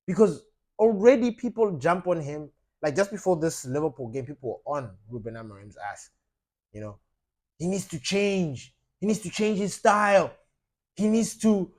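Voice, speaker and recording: A man hosting a fan channel, talking passionately about his football club and addressing viewers directly, with lots of fillers and emphatic outbursts. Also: a little high. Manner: impassioned, rising to loud emphatic outbursts, frequent fillers.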